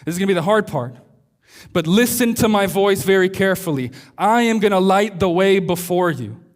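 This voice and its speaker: A preacher voicing a steady male radio controller. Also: sits high, brisk. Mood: commanding. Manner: steady, firm, repeating commands. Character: calm male emergency radio controller guiding a plane.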